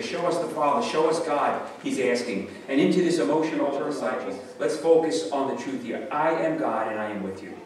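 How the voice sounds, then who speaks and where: Man preaching in an echoey hall. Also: medium pitch. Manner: conversational preaching with many fillers and restarts. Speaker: pastor. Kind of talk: sermon. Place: church hall. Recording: echoey room, distant mic, faint noise.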